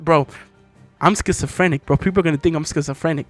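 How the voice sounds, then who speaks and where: Young male gamer host, high voice, bone-dry close mic, slangy and incredulous. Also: quick pace, no echo. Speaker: gaming channel host. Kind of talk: casual gameplay commentary.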